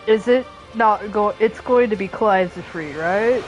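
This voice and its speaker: A woman streams a video game in a mid-pitched voice, chatting casually with jokey asides. She giggles often and swears freely. Game music plays faintly behind her. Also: a little slow, few pauses, dull audio. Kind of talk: casual gaming commentary. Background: game soundtrack music.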